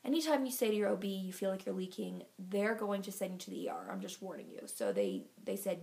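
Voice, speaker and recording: A woman's voice: medium pitch, very animated, fast talker, gravelly, hardly any pauses, darkish tone. A woman vlogger giving a casual pregnancy update to camera, chatty and filler-heavy, a little out of breath.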